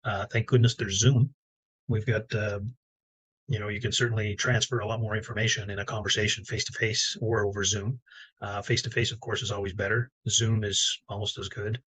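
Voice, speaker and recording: A man giving a relaxed, conversational talk as a business coach, with frequent fillers. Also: fairly low pitch, fairly quick, slightly rough, poor audio. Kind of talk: instructional talk to camera.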